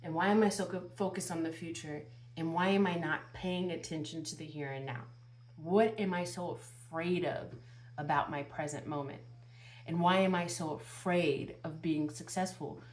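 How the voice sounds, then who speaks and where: A woman's voice: low-pitched, fairly even intonation, moderate pace, a little mellow. A woman tarot reader speaking earnestly to her viewers, asking one rhetorical question after another and repeating phrases as she gives spiritual guidance. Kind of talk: channeled spiritual guidance monologue.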